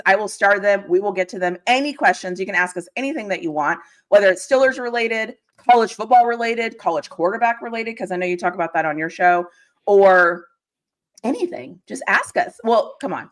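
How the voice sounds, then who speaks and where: A woman's voice: medium pitch, expressive, brisk, fairly bright tone. A woman hosting a casual sports live stream, chatty and teasing, reading out viewer comments with frequent laughs.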